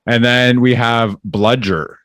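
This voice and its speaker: A man's voice: medium pitch, steady tone, slow, fairly bright tone, dry recording, clean studio sound. A man in his thirties hosting a casual podcast, reading items off a list and asking curious questions. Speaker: podcast host. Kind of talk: casual chat.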